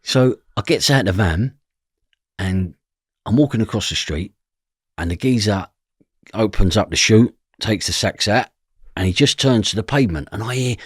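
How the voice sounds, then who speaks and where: Recounting his past on a podcast, an East London man does the voices of the people in his stories. His voice is fairly low, expressive and a bit breathy, at normal speed, with clean studio sound and no echo.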